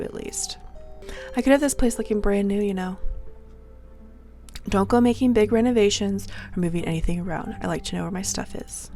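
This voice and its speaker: A woman's voice: mid-range voice, mellow, close to an everyday voice. A woman voicing a sweet, over-polite cleaning woman in a story game, with a put-on American Southern accent and a rambling way of talking. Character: chirpy, eager-to-please cleaning woman.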